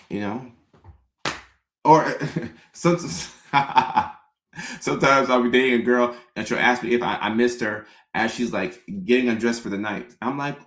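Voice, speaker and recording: A man's voice: mid-range voice, unhurried, fairly bright tone. A young man, a comedian host, riffing casually with viewers and slipping into mock-pleading voices for his bits. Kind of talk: casual comedic riff to chat. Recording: echoey room.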